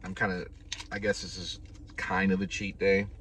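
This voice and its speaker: Brief: deep-voiced male delivery driver, rambling mid-meal, heard through a distant camera mic with a noisy car behind him. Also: flat delivery, normal speed, fairly bright tone. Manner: rambling, talks while chewing. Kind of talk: casual eating vlog.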